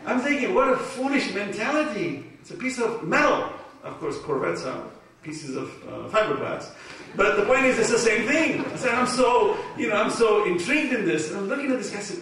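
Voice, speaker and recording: An Islamic speaker with a high voice talks briskly, recounting personal stories with laughter in an emotional, animated religious talk. The community hall is echoey, he's far from the microphone, and there's faint noise.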